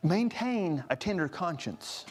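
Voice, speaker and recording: A man's voice: high voice, sing-song, a little slow, darkish tone. A man preaching a sermon, earnest, rising to stress each scripture he quotes. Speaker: pastor.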